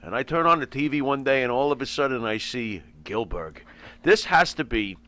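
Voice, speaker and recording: Lively, laughing male host. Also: mid-range voice, normal speed. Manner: eager, laughs often and reacts a lot. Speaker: podcast host. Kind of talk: casual interview chat.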